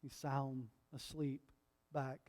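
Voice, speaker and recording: A middle-aged man preaching a sermon as pastor, impassioned and building to loud repeated refrains, often checking in with the congregation. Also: mid-range voice, little pitch movement, slow pace. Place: church sanctuary. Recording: long hall reverb.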